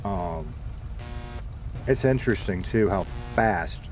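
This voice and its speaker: A man's voice: low-pitched, expressive, takes it slowly, faint music behind. A laid-back man with a Southern American accent, rambling casually to his stream chat, swearing now and then. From Southern United States. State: dehydrated.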